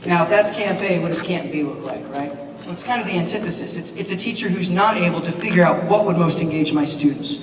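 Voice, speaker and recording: A man giving a keynote speech at a banquet, animated and asking the audience questions. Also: sits high, a little fast. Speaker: keynote speaker, teacher. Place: large banquet hall. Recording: echoey hall, mic from far off, noisy.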